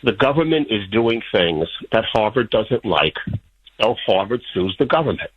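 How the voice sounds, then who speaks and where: A man's voice: fairly low pitch, animated, normal speed, slightly rough. A man from Florida calling in to a talk radio show, eager and insistent to make his point. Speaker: caller. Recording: tinny phone line.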